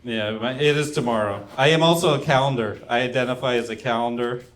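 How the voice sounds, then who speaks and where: Awkward young stand-up comedian. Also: male voice, medium pitch, a little fast, fairly bright tone. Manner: awkward, trailing off and mumbling after jokes. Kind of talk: stand-up set. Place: comedy club stage.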